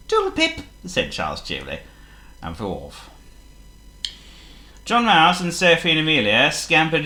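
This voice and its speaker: A man reading a children's story aloud in an expressive, playful way. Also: medium pitch, echoey room. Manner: expressive and playful, laughs as he reads.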